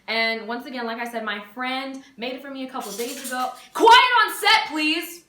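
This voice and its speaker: A woman's voice: on the high side, steady tone, a little fast, pushed and bright, reverberant, slight background noise. A woman, chatting playfully in a casual cooking vlog, with dramatic bursts of mock panic. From Texas. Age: 20s. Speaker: vlogger. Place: home kitchen.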